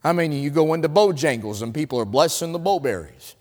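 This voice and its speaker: A Southern-accented male evangelist preaching in a high, lively voice that rises and falls across a wide range. He tells stories in his sermon and swings between loud lines and hushed ones. His voice carries a long hall reverb. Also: brisk. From North Carolina, USA.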